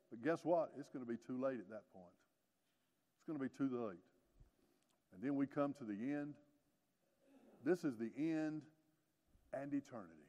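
A man in his sixties preaching a sermon, swinging from hushed lows to loud emphatic peaks, with folksy joking asides. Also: animated, moderate pace, long pauses. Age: 60s. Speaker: pastor. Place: church sanctuary. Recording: long reverb of a church hall.

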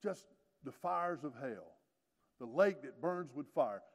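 A man in his sixties preaching a sermon, swinging from hushed lows to loud emphatic peaks, with folksy joking asides. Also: lively intonation, slow. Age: 60s. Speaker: pastor. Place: church sanctuary. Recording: long reverb of a church hall.

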